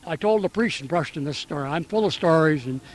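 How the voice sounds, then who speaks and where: A man's voice: a little high, animated, fast talker, slight background noise. An older man who drives oxen, chatting outdoors at a parade and telling jokes as a folksy storyteller, stammering on his restarts. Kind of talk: casual chat and joke telling.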